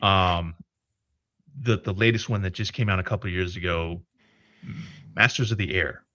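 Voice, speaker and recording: A man with a low, bright, forceful voice tells a story in casual chat, swearing freely and tripping over restarts. The sound is close and dry. The audio is slightly dull and lo-fi. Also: moderate pace, dry recording. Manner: profane, animated retelling with many restarts. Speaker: podcast co-host.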